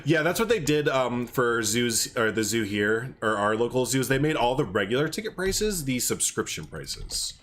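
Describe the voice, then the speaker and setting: A man's voice: medium pitch, sing-song, normal speed, few pauses, a bit bright. A young man chatting casually on a livestream, rambling and thinking aloud as he builds, with faint music and typing behind him. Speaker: streamer. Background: faint music and keyboard typing.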